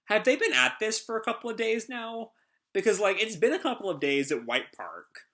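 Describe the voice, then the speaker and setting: A man's voice: high-pitched, lively intonation, normal speed, bright, forceful tone. A man reading a comic live and commenting on it, rambling with many fillers. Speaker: comic reaction host.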